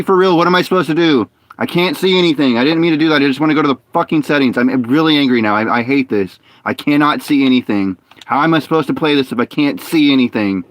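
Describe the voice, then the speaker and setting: A man's voice: mid-range voice, dry recording. A man streaming a game live, muttering and complaining in frustration as he plays. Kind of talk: live gameplay commentary.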